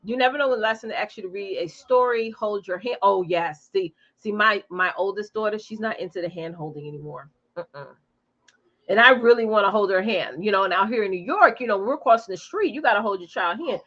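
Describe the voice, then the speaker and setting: A woman's voice: mid-range voice, a little fast, fairly bright tone, highs cut off. A woman in her forties chatting casually from home, reading out viewer comments and talking straight to them. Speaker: live stream host. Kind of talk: casual chat with live viewers.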